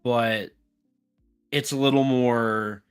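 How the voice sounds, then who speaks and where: A male podcast co-host explains his point, often restarting a phrase before finishing. His voice is of middling pitch. Faint music plays behind him. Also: fairly even intonation, slow pace, smooth. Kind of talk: casual chat.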